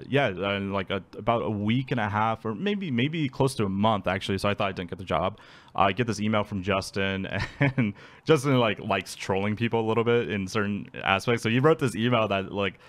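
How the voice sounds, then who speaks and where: A man's voice: lowish voice, fairly bright tone. A man being interviewed, telling his story casually, laughing often and acting out quotes. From Alaska. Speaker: guest.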